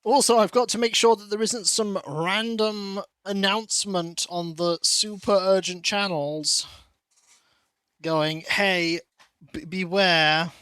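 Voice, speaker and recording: Slow, chatty male game streamer. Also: high voice, steady tone, clean tone, no room sound. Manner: chatty, rambling, greets chat by name, coos softly to his cat. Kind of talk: casual stream chat. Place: warm room at home.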